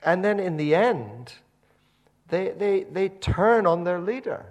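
A man's voice: high-pitched, animated, slow pace. A man preaching a sermon, telling the story animatedly with many repeated words and restarts.

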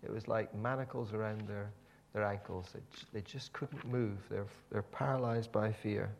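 A man's voice: fairly low pitch, steady tone, moderate pace, gravelly, slight background noise. A man preaching a sermon, telling the story animatedly with many repeated words and restarts.

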